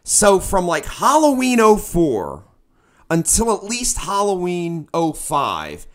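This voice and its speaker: A man, a musician, telling a tour story in casual chat, animated and bursting into loud quoted lines. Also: high voice, slow pace.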